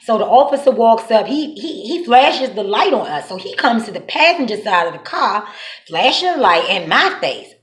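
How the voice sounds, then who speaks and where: A woman's voice: fairly high pitch, normal speed. Dc-woman telling crazy stories, cussing, voice bouncing all over, echoey room. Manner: animated, profane, slangy. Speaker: vlogger. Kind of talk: casual storytelling.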